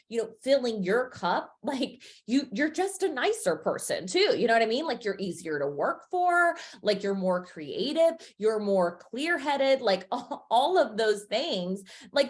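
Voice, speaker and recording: A woman fitness and business coach talking casually as a podcast guest, chatty and emphatic with many filler words. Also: medium pitch.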